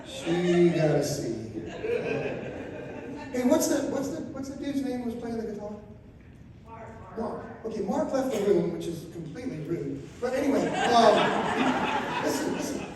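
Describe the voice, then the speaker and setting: A man in his fifties from Florida doing a stand-up comedy set, telling crude stories with loud animated outbursts. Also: high-pitched, measured pace, long pauses, crowd noise. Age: 50s. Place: RV resort event room, live audience. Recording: very echoey room, voice from far off.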